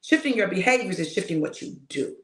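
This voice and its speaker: A woman's voice: mid-range voice, lively intonation, fast, echoey room. A woman minister delivering a casual, emphatic spoken sermon, talking straight to her listeners. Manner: emphatic and conversational, addressing listeners directly. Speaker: prophetic minister.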